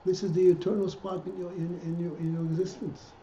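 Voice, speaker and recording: A man's voice: high voice, level tone, a little fast, dark tone. A man teaching a Hasidic text class as rabbi, stopping and restarting often and posing rhetorical questions to his students. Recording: dull, echoey room, faint noise.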